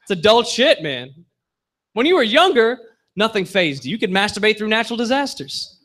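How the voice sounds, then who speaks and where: A young man doing a stand-up comedy set on a bar stage, with punchy deadpan delivery that drops low for asides. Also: normal speed.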